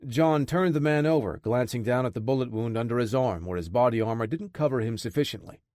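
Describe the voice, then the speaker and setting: A man narrating a thriller audiobook in a steady, measured storytelling manner. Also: medium pitch, no echo, clean studio sound.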